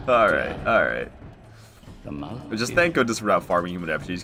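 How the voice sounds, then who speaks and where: A man streaming a video game, giving excitable live commentary as he plays. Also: lowish voice, brisk, pauses often, soft background music. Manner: excitable, animated, laughing and groaning at the game.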